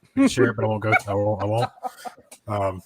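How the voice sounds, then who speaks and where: Man, lowish voice, unhurried, lots of ums and uhs, casual panel talk. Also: steady tone, heavy background noise. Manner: unhurried explainer with fillers. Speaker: panel guest.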